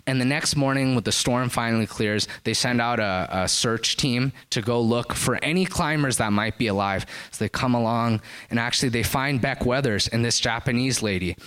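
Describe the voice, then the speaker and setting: A man preaching a sermon, telling a story in an animated way and rising to high, excited lines at the climaxes. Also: moderate pace, clear, resonant tone.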